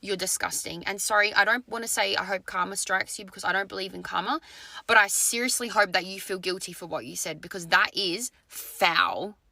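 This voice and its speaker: A woman's voice: medium pitch, fairly quick, vocal fry, bright, forceful tone, dry recording. A woman, a retail worker, retelling a run-in with a customer in an indignant, emotional storytime clip.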